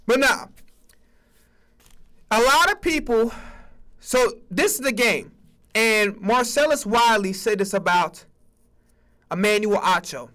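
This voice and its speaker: A man's voice: high-pitched, animated, slow pace, pauses often, sharp tone. A man hosting a sports stream, ranting heatedly about football with constant swearing and stammered repeats. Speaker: sports streamer and podcast host. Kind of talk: profane sports rant.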